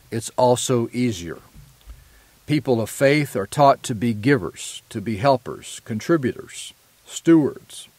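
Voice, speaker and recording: A man delivering a prepared lecture in an earnest, measured way, now and then correcting himself mid-phrase. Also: fairly low pitch, darkish tone, breathy edge, dry recording. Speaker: presenter.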